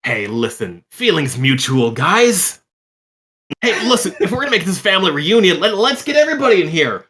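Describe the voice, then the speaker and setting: A man's voice: high-pitched, big pitch swings, normal speed, voice pushed up. A man playing a brash, cocky adventurer. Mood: rallying. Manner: loud, swaggering, teasing.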